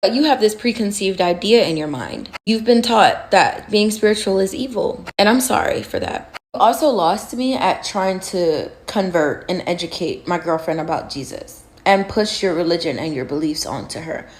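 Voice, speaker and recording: A woman's voice: fairly low pitch, animated, moderate pace. Blunt, defiant woman. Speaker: self-described witch. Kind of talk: direct-to-camera commentary.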